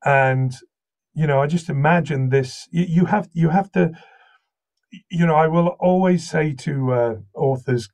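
A man's voice: a little high, a little slow. Welsh-accented man telling stories. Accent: slight Welsh. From Wales. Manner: lively anecdotal storyteller. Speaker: guest voice actor. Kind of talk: casual interview chat.

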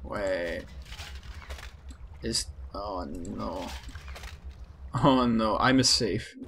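A man giving let's-play commentary, excitable and panicky, swearing often at the game. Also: lowish voice, very slow, a little hiss or hum. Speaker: gaming channel host.

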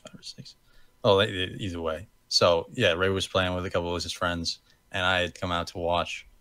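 A man's voice: deep voice, level tone, normal speed, sharp tone, no echo. A young American man co-hosting a podcast, telling a story in a rambling, self-correcting way and laughing at himself. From United States. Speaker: podcast co-host. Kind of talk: casual storytelling chat.

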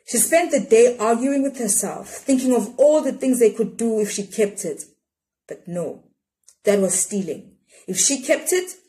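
A woman reads a children's picture book aloud, shaping each phrase expressively. She leans into dramatic pauses at a mid-range pitch. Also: dark tone. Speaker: storyteller. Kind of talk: children's storybook read-aloud.

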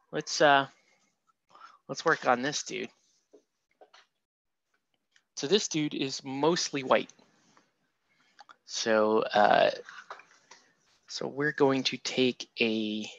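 A man's voice: mid-range voice, creaky, a bit bright, muffled recording. A man who streams himself painting miniatures, chatting casually and rambling with self-mocking asides to his viewers. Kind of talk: casual livestream painting tutorial.

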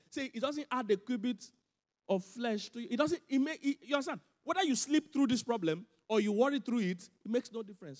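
A man preaching a sermon as pastor, animated and emphatic, repeating his points and laughing between them. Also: very high voice. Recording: church hall reverb.

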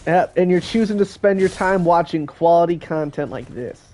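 A man's voice: on the high side, expressive, moderate pace, a little mellow. A teenage boy streaming a video game, joking and chatting casually with friends on a call. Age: teens. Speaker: gaming streamer. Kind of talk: casual live-stream commentary.

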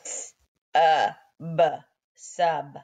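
A woman teaching young children phonics, sounding out letters slowly and praising them, a little sleepy and yawning. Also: low-pitched, gravelly, darkish tone.

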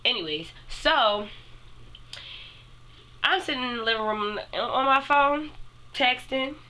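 A woman's voice: high-pitched, expressive, takes it slowly, sharp tone, low-quality recording. A young woman telling a casual storytime to her viewers in a chatty way, speaking straight to them.

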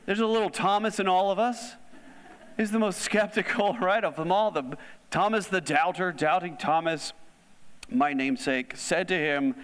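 Male pastor, slightly high voice, conversational sermon, reverberant hall sound. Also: normal speed, fairly bright tone. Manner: conversational, asks the audience questions. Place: church hall.

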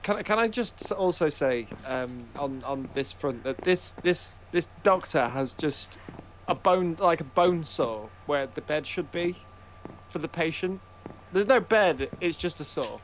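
A man's voice: fairly high pitch, lively intonation, a little slow, a little hiss or hum. A man streaming a video game, talking casually in a rambling, hesitant way. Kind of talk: casual gaming chat.

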